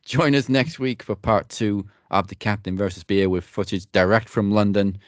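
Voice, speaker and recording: A man's voice: on the low side, steady tone, moderate pace, no room sound. A man co-hosting a podcast, signing off in a loose, joking way with casual swearing. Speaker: podcast co-host.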